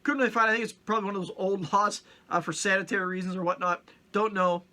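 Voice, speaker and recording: A man's voice: high-pitched, fairly even intonation, fast talker, sharp tone. A middle-aged man from Canada hosting a casual comedic vlog, joking and acting out little mock-stern scenes. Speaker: vlogger host.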